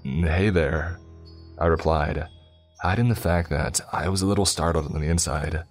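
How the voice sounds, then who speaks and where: A man narrating a first-person horror story in a steady, measured way. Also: a bass voice. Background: faint music.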